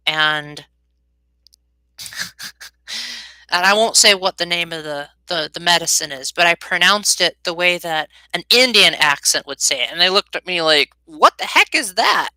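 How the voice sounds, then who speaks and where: A woman's voice: lowish voice, pushed and bright, no echo, low-quality recording. Rambling young woman streamer. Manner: rambling, loses her train of thought, frequent ums. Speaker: live streamer. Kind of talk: casual live-stream chat with viewers.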